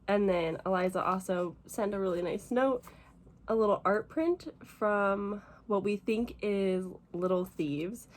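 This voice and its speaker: A young woman from the United States, a book vlogger chatting casually and gushing emotionally, rambling fast with lots of fillers while teary. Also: medium pitch, darkish tone. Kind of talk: casual vlog chat.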